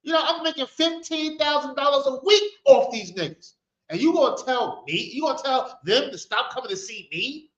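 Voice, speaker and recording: A man's voice: very high-pitched, expressive, normal speed, a bit bright, pitched above the performer's own voice. A man doing an outraged restaurant owner. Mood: indignant. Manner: outraged, incredulous rhetorical questions. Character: indignant male restaurant owner ranting. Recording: echoey, dull sound.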